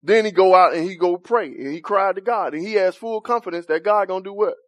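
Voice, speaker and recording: A man's voice: sits high, brisk, a bit bright, dry recording. A man leading an interactive Bible study, asking the group questions, chuckling often and talking in a loose, informal way.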